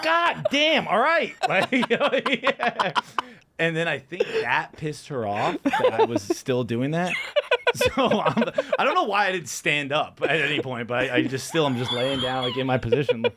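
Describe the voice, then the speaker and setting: A man guesting on a podcast, telling a rowdy story casually, laughing and jumping into high yelps when he reenacts his own yells. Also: background noise.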